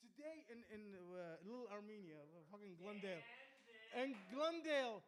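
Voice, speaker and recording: A high-pitched man rants through an open-mic stand-up bit, swearing constantly and defiantly. He shouts some lines and mutters others under his breath, all in a rambling, unpolished flow. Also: sing-song, moderate pace, crowd noise. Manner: profane, defiant, loud bursts then muttering. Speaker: stand-up comedian. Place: small comedy club.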